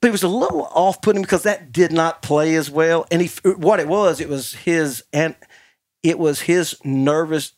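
A man's voice: fairly high pitch, moderate pace, a little mellow, no echo, studio quality. A man hosting a podcast, telling a rambling anecdote in casual chat and laughing often. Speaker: podcast host.

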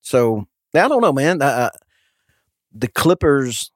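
A man's voice: medium pitch, very animated, slow, no echo, clean studio sound. A man in casual sports chat, rambling and laughing often. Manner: rambling, laughs often, trails off mid-sentence.

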